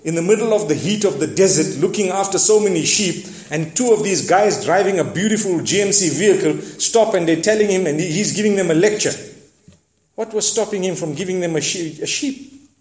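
A man preaching, retelling a story dramatically with lively asides and moral lessons. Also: high-pitched, a little fast, reverberant. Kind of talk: sermon storytelling.

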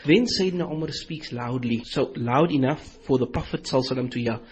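A man's voice: medium pitch, very fast, a little mellow, slightly rough, rough recording. A man giving an Islamic lecture in a series, retelling stories animatedly with quoted dialogue.

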